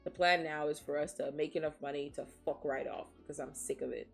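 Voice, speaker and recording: A woman's voice: sits low, fairly even intonation, fairly quick, gravelly, soft background music. A woman streamer from Nigeria in casual chat, frank and swearing freely, laughing often as she reads chat, sniffling after crying.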